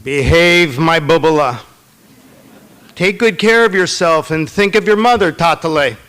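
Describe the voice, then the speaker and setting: A man's voice: fairly high pitch, expressive, measured pace, a bit bright, smooth. A man voicing a doting older Jewish mother who fusses over her small son and coos Yiddish pet names at him. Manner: fussy, cooing, full of Yiddish pet names.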